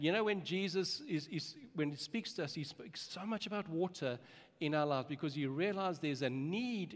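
Man, pastor preaching, earnest and emphatic, slightly high voice, long hall reverb. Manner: earnest, emphatic, repeats words when starting phrases. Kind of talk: sermon.

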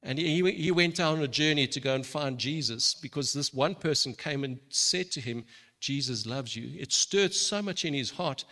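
A man's voice: fairly high pitch, normal speed, hardly any pauses, bright, forceful tone. A man preaching a sermon in an earnest way, often restarting and repeating words. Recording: long reverb of a large hall.

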